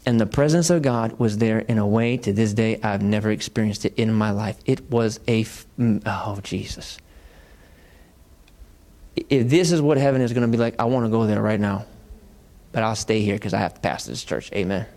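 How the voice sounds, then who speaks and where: A male pastor preaching a sermon in a lively, conversational storytelling manner in church. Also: fairly low pitch, moderate pace.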